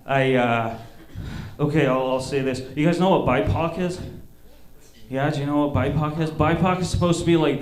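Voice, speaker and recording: A man doing stand-up on a comedy club stage, loose and rambling, swearing often. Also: medium pitch. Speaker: comedian and show host. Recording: roomy club sound, live stage mic.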